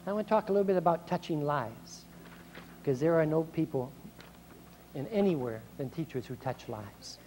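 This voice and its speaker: Recorded in a speech hall in 1990, a middle-aged man gives a motivational speech to school staff at a moderate pace. He is animated, acting out complaints in a raised, fairly high-pitched voice, with slight background noise.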